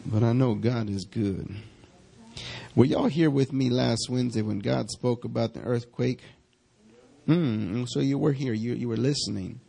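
A man, a pastor praying and preaching to his church with fervent, drawn-out calls. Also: medium pitch, vocal fry, mellow, breathy edge. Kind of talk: sermon and prayer. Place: church sanctuary.

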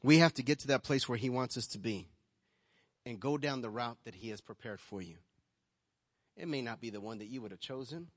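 Man preaching, swinging from quiet to loud. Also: medium pitch. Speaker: pastor. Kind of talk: sermon. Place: church hall. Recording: long hall reverb.

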